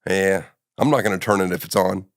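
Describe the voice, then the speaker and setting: A man hosting a comedic interview with a deadpan, teasing manner. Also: low voice, a little fast. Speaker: talk show host.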